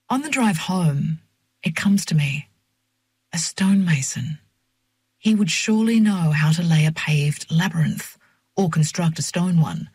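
A woman narrating a first-person novel in a measured, reflective reading voice on a close mic. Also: low-pitched, darkish tone, breathy edge, no room sound. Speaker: audiobook narrator.

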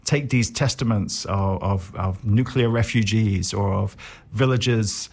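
A man in his forties with a New Zealand accent and a gravelly voice, chatting as a guest in an interview. He is wry and self-deprecating, stumbling over his words and restarting often. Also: fairly low pitch, takes it slowly. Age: 40s. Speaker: comedian guest. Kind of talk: casual interview chat.

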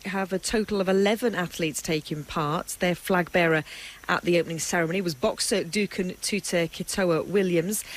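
A woman presenting a sports program, reading scripted links in a measured way. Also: on the low side, rough recording.

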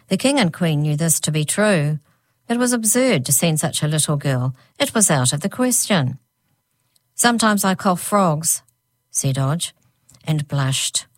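Low-voiced woman reading a storybook. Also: no room sound. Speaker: audiobook narrator. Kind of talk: scripted storybook narration.

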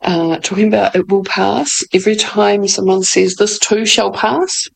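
Chatty woman with a gravelly edge. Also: mid-range voice, normal speed, low-quality recording. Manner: chatty, laughs often, frequent "like". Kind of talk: casual advice talk.

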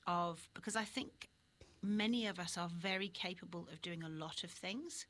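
Reflective woman with a lowish voice. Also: normal speed, a bit bright. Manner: reflective, thinks aloud with restarts. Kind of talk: casual faith conversation.

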